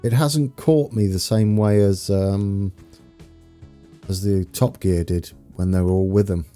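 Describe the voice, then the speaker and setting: A young English man with an East Anglian accent chats casually while live-streaming a game, laughing often at himself and reading out viewers' names to greet them. His voice is on the low side, steady, unhurried, and warm, with faint music in the background.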